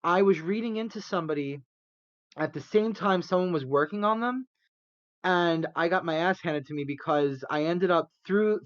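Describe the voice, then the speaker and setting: A man's voice: on the high side, dry recording, lo-fi sound. A man co-hosting a podcast, telling a rambling story in a casual chat, laughing often. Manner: animated, rambling, acts out quotes, laughs often. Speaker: podcast co-host.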